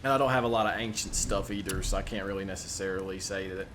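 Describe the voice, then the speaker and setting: A man's voice: low-pitched, quick pace, noisy background. A man streaming a video game, thinking aloud in a casual, hesitant way with frequent swearing. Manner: mumbling to himself, swearing, hesitant. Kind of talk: casual gameplay commentary.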